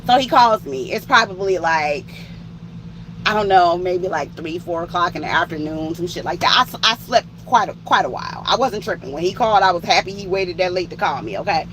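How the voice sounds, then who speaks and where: A woman telling a story in an animated, profane way, acting out what each person said. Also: fairly low pitch, fairly quick, a little hiss or hum. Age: older than 30. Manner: animated, profane, acts out quoted voices. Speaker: truck driver telling a story. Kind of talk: uncensored storytime.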